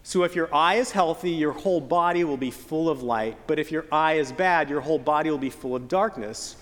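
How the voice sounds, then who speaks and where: A man preaching a sermon as pastor, earnest with playful joking asides and slow, stretched emphasis on key phrases. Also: fairly high pitch, a bit bright. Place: church sanctuary. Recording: long church hall reverb.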